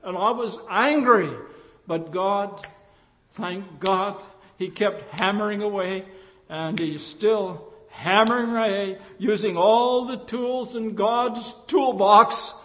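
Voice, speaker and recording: An older male pastor preaches slowly, taking his time over each phrase. His voice sits fairly high for a man and swings between emphatic rises and hushed drops. The sound rings with the long reverb of a church hall. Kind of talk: sermon.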